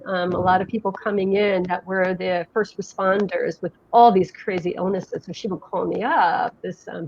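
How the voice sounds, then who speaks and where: A woman's voice: mid-range voice, vocal fry, a little mellow. A middle-aged woman from New Jersey, telling her story as an interview guest in a chatty, rambling way. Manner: chatty, rambling, quick with many restarts. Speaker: guest, health education director. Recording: dull lo-fi sound.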